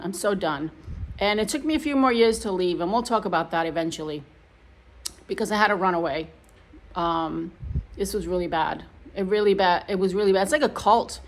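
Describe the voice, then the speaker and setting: A middle-aged woman vlogging, telling her own painful story in a casual, emotional, rambling way with many restarts. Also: medium pitch. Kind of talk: casual personal storytelling to camera.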